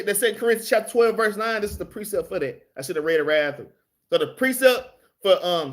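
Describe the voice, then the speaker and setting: A man's voice: high-pitched, fairly bright tone. A man teaching a casual Bible class over his phone, slangy and streetwise, swearing freely and calling listeners y'all and man. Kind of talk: casual live-streamed Bible study.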